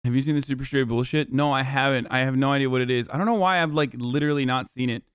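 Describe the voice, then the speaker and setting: A man's voice: mid-range voice, fast, clear, resonant tone, no echo, studio quality. A man in his thirties streaming live, reading his chat aloud and answering it with sarcastic, profane mock outrage.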